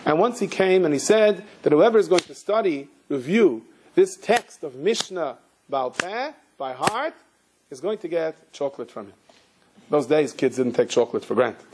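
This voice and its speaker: A man giving a sermon, telling stories with lively acted-out dialogue and sudden shouts in the quoted lines. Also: on the high side, moderate pace, slight background noise. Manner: animated storyteller acting out voices, shouting in quotes. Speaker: rabbi giving a talk. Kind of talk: storytelling sermon.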